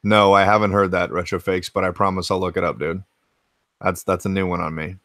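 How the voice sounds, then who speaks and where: A man's voice: low voice, flat delivery, fairly quick, a bit bright, dry recording. An American man hosting a casual retro gaming livestream from his home game room, laid-back and rambling, swearing freely as he answers chat. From United States.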